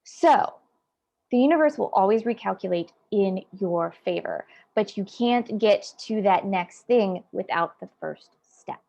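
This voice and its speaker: A woman guest speaking as a psychic in a casual interview, animated, swinging from loud emphasis to quiet asides. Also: mid-range voice, a little slow, vocal fry.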